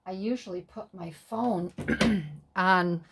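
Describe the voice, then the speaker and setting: A woman's voice: on the low side, takes it slowly, background noise. A middle-aged woman hosting a casual crafting tutorial, chatting in rambling, self-amused asides as she works. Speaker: craft video host.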